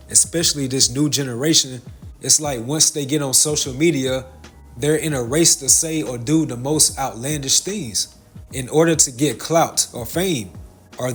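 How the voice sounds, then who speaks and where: A man giving religious commentary, with a measured, preachy delivery. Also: medium pitch, slightly rough.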